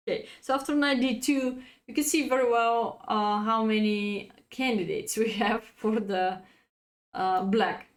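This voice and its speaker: Bulgarian-native lady doing a chess stream, talks slow, kinda high voice, chatty and giggly with chat. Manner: chatty, laughs often, reads chat aloud. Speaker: chess coach streaming a lesson. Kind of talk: live-streamed chess lesson.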